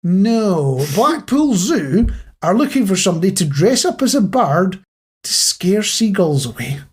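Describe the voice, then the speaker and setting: Chatty man, husky voice. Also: high-pitched, big pitch swings, measured pace. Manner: chatty, jokey storyteller. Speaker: podcast co-host. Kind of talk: casual chat.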